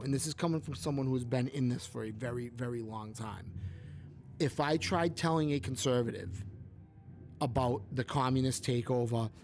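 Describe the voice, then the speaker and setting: A man co-hosting a podcast in casual political chat, rambling and leaning on filler words. His pitch sits in the middle, with faint noise behind him. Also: darkish tone. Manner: rambling, heavy use of "like". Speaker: podcast co-host.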